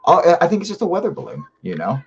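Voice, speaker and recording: A man's voice: a little high, wildly swooping pitch, fast talker, breathy edge, muffled recording. A man hosting a live stream, reading viewer comments and answering in a rambling, emphatic, profane way. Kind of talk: casual live-stream chat.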